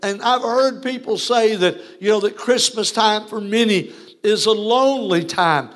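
A man's voice: sits high, measured pace, a bit bright. A man preaching a Christmas sermon, quoting scripture and adding frequent amens as he addresses viewers. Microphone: broadcast to viewers.

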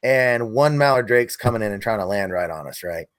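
A man's voice: lowish voice, expressive, a little fast, a bit bright. A middle-aged man co-hosting a casual podcast, telling a hunting story in an earnest, self-critical way. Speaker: podcast co-host, hunting video maker. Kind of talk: casual chat.

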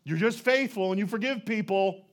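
Bitter prophet, whiny and sulking, put on by a male pastor, higher than his own voice. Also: moderate pace, lightly acted. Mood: resentful.

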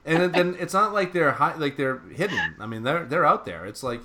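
A man co-hosting a running podcast, telling stories in a chatty way and repeating words when excited. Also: a little high, a little fast, noisy background. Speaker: podcast co-host. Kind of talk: casual chat.

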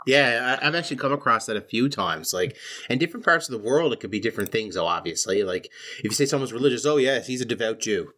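A man's voice: mid-range voice, expressive, quick pace, pushed and bright. A male interview host, framing questions hesitantly with repeated words. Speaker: podcast host. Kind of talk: conversational interview.

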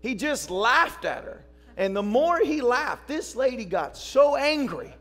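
A man preaching a sermon as pastor, telling stories and rising to shouts. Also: extremely high pitch, very animated, unhurried, soft background music. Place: church service.

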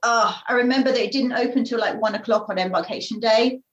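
British woman guest, animated storyteller, slightly raised voice, roomy and a bit muffled recording. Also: on the high side, fast talker. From Britain. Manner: lively storyteller who laughs often, acting out quoted people. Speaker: guest recalling work as a ship purser. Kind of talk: casual chat.

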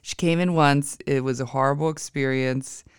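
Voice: medium pitch, moderate pace, clear, resonant tone, no echo, clean studio sound. A podcast host telling a story in a casual, chatty way, acting out the dialogue of the people in it. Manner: chatty, animated, acts out quoted dialogue.

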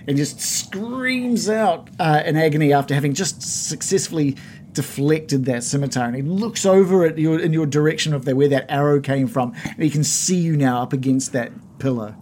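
A man's voice: a little high, expressive, moderate pace, a little mellow, slight background noise. A man running a tabletop game as game master, narrating with frequent uhs and ums. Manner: hesitant, lots of uh and um.

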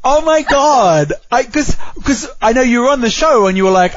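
A man's voice: extremely high pitch, expressive, normal speed, few pauses, dull audio. A man co-hosting a podcast, reading quiz questions and laughing along. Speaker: podcast co-host. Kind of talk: casual podcast chat.

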